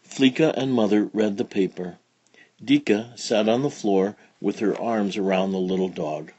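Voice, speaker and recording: Slow, husky man reading a children's story. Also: fairly low pitch, dry recording, highs cut off. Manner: slow, expressive, gentle storytelling. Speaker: storybook reader. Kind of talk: reading a children's picture book aloud.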